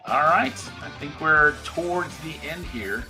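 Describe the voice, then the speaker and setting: A man hosting a livestream show, chatting casually and reading out viewer shout-outs. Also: fairly high pitch, expressive, music in the background. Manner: reads out viewer names in quick shout-outs.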